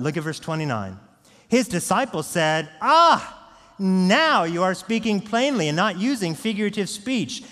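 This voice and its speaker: A man preaching a sermon as pastor, earnest, moving between hushed and raised delivery. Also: mid-range voice. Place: church sanctuary. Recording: long echo of a large church hall.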